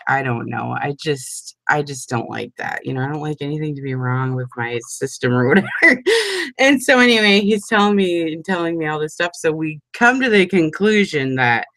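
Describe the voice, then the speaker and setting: A woman in her forties chatting casually with her crafting group at home, talking fast and laughing often. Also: low-pitched, dry recording. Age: 40s. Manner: chatty and animated, breaks into frequent laughter. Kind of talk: casual chat.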